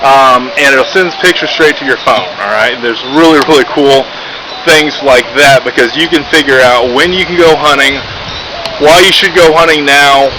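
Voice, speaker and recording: A man's voice: mid-range voice, normal speed. A man from Texas giving a casual, rambling product review, full of "uh" and "basically", with lots of restarts. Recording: background noise.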